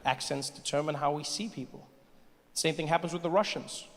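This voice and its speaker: Animated stand-up comedian, man. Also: fairly high pitch, a little fast. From Africa. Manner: animated, jumps into put-on voices. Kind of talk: stand-up storytelling. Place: large comedy venue. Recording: live comedy hall with long reverb.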